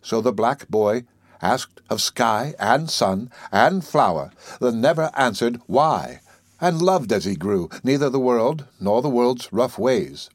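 A man narrating literary prose in a measured, expressive reading that slows and quickens for effect. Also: medium pitch, no room sound, studio quality. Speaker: audiobook reader.

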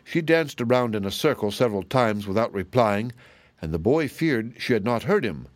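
A man reading a children's storybook aloud as a calm, measured audiobook narrator. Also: medium pitch, dry recording. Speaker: audiobook reader.

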